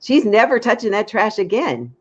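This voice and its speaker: A woman dating coach giving frank, lively advice in a casual chat, acting out little quotes. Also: medium pitch, moderate pace, husky, muffled recording.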